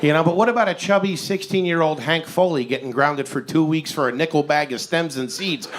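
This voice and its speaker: Guy in his 40s doing stand-up, kinda high-pitched, animated and ranty, lots of room noise behind. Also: brisk, few pauses. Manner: animated incredulous ranting. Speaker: stand-up comedian. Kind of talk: stand-up comedy set. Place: comedy stage before a live audience.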